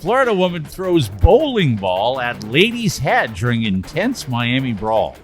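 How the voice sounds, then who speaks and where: Male podcast co-host, amused and wry, reading headlines with a lively, up-and-down delivery over background music. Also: medium pitch, a little slow. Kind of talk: casual podcast banter.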